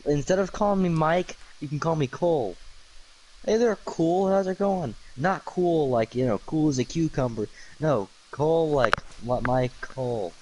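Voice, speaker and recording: A man's voice: a little high, normal speed, hardly any pauses, a little mellow, slight background noise, poor audio. A tired man streaming late at night, rambling through goofy wordplay with lots of ums and uhs. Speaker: livestreamer.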